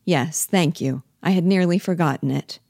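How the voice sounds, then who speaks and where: A woman reading the part of a sober, firm woman friend, quiet and plain-spoken, in a low, dry voice. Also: normal speed, vocal fry, no echo. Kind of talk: reading a play aloud.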